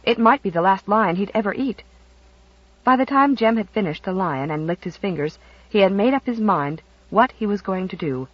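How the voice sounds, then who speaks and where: Narrator for a storybook: expressive scripted reading, mid pitch, dry muffled audio. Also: normal speed, no room sound.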